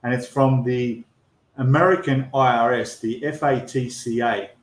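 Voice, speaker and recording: Aussie guy ranting on a live stream, fed up and emphatic, mid-pitched, echoey room. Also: fairly even intonation, a little slow. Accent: Australian. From Australia. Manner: exasperated, emphatic complaining with repeated restarts. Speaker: channel host. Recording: roomy echo.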